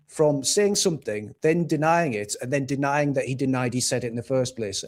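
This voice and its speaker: A man from England rants through his livestream with blunt, profane heat. His voice sits a little higher than usual and keeps climbing as he gets worked up. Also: darkish tone. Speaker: livestream host. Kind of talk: casual political rant.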